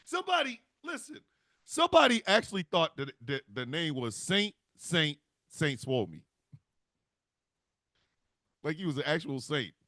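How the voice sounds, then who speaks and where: Animated, profane comedic man. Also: fairly high pitch, a little slow, long pauses, no echo, clean studio sound. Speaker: comedian host. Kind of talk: comic storytelling monologue.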